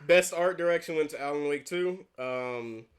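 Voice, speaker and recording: A man's voice: on the high side, normal speed, crowd noise. A man co-hosting a casual gaming podcast, joking, laughing often and running through award winners. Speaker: podcast co-host. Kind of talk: casual chat.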